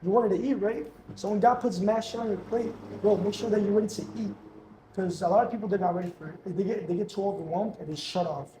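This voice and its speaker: A man's voice: high-pitched, quick pace, mellow, reverberant, slight background noise, low-quality recording. A young man, a guest entrepreneur, talking casually and earnestly about hustle and faith, repeating himself for emphasis. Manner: earnest, repetitive, slangy pep talk. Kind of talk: casual motivational talk.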